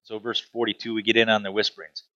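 A man preaching a sermon, animated and emphatic, with repeated punchy phrases. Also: on the low side, fast talker, no room sound, dull audio. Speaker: pastor.

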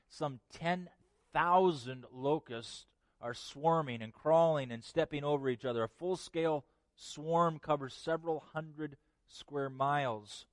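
A man preaching an expository sermon, animated, acting out God's words with rising emphasis. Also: on the high side, no echo.

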